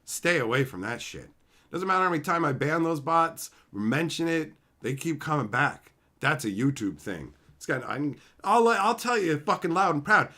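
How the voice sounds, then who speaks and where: A man's voice: a little high, sing-song, moderate pace, sharp tone. A young man hosting a livestream, ranting in a brash, profane, swaggering way. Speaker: livestream host. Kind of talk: casual livestream rant.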